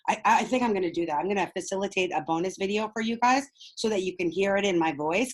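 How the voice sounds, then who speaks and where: A woman leading a group coaching call over video, bubbly and excitable, laughing often. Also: medium pitch, poor audio. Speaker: speaking coach.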